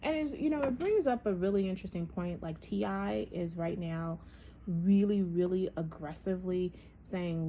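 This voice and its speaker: A woman's voice: lowish voice, normal speed, mellow, a little hiss or hum. A woman hosting a casual opinion monologue, talking emphatically and animatedly, with many fillers and restarts. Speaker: podcast host.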